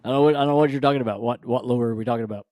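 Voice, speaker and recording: A man's voice: medium pitch, steady tone, racing, mellow, a little hiss or hum. A man hosting a casual live-stream chat, rambling with restarts and frequent laughs. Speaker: podcast host.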